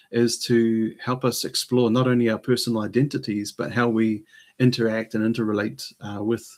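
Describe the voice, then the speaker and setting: A man, possibly middle-aged, hosting his own live stream from New Zealand, rambling in a hesitant way with many pauses and fillers. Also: medium pitch. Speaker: channel host. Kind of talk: casual live-stream monologue.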